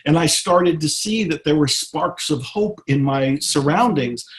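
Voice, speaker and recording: A middle-aged man from Texas speaks earnestly in an interview, his voice sitting a little high for a man. He is reflective and often slows down to drive home a point. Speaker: guest author. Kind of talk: interview, motivational talk.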